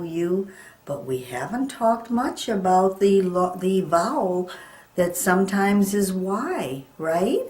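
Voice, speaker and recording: A middle-aged woman leads a children's phonics lesson in a slow, sing-song teacherly voice. Her pitch sits a little low, and she takes her time over every sound. The recording carries noticeable room echo. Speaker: reading teacher.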